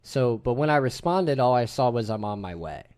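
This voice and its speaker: Animated, swearing man hosting a podcast. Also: medium pitch, moderate pace, clear, resonant tone. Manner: animated storyteller, swears casually. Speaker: podcast host. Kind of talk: casual group chat.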